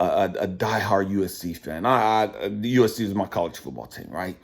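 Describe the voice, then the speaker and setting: A middle-aged man hosts his channel with a ranting monologue that's profane, preachy and heavily emphasized. His voice is on the low side and slightly rough.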